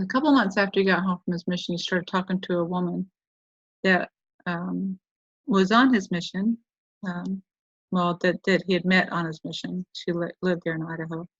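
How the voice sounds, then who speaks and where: Woman, middle-aged, podcast host, low voice, casual rambling storytelling, self-correcting, dry lo-fi sound. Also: breathy edge, no echo. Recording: dull lo-fi dry recording.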